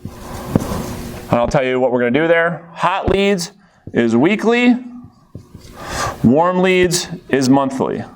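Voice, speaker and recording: A man leading a live coaching session for real estate agents, energetic and conversational, checking in with the room and acting out quick bits of dialogue. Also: on the high side, clean tone. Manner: acts out quick quoted dialogue.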